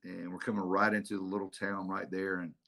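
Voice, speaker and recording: A man's voice: fairly quick, gravelly. A man, a head football coach telling stories as an interview guest. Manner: animated storyteller, acts out quotes with big pitch jumps. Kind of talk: casual storytelling interview.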